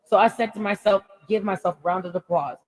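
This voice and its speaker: A woman life coach giving an animated motivational radio talk, laughing often and acting out little quotes. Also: medium pitch, fast, breathy edge, in a large hall, poor audio.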